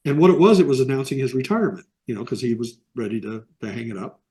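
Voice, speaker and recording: A man's voice: medium pitch, quick pace, dark tone. A middle-aged man from the American Midwest, telling rambling anecdotes in a casual interview over a video call. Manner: rambling anecdotes with quoted voices. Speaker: interview guest, animation artist.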